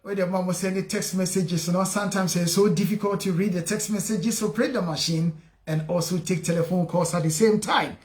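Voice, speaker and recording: A man hosting a call-in radio show, chatting with callers in lively, laughing banter. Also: sits high, brisk, reverberant, soft background music. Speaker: radio host.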